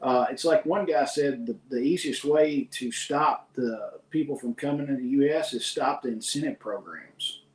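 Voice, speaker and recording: A man's voice: mid-range voice, moderate pace, few pauses, a little mellow. A man hosting a podcast, talking in a rambling, opinionated way with frequent restarts. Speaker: podcast host. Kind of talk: casual opinion chat. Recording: roomy echo.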